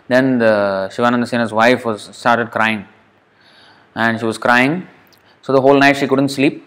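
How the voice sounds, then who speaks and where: Man, temple speaker, sermon storytelling, conversational, acts out the quotes, medium-pitched voice. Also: normal speed, fairly bright tone. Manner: conversational, acts out quotes, asks the listeners questions.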